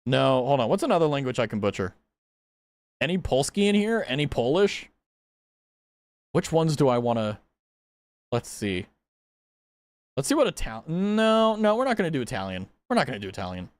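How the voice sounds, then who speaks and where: A man's voice: medium pitch, sing-song, moderate pace, long pauses, no echo. A man streaming a game, chatting casually and playfully stumbling through foreign words with frequent giggles. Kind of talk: casual live game commentary.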